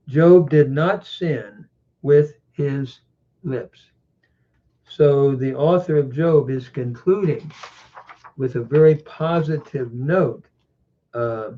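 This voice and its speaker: Slow, deliberate man teaching scripture. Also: medium pitch, animated, dark tone. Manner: deliberate, pausing often with "uh". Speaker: Bible teacher. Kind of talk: slow scripture lesson with grammar commentary. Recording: dull lo-fi recording.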